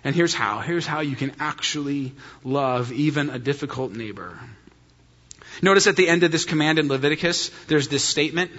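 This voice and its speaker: A middle-aged man preaching a sermon as pastor, telling a story with animated jokes. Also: fairly high pitch, fairly quick. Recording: dull sound in a hall with long reverb.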